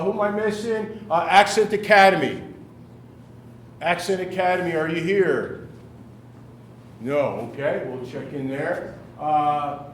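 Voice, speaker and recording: A man leading a classroom workshop, running an upbeat, brisk roll call of teams. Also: fairly high pitch, slight background noise. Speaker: workshop leader. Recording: echoey room from far off.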